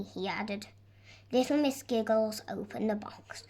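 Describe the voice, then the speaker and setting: A woman reading a children's picture book aloud in a gentle storytelling manner. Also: medium pitch, a little slow, slight background noise. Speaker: storybook reader.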